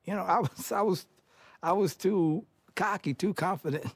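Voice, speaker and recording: Older man with a husky, slightly raised voice, telling stories. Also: high voice, normal speed, dry recording. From Detroit, USA. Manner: animated storyteller who chuckles as he talks and acts out family dialogue. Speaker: interviewee. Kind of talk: reflective storytelling interview.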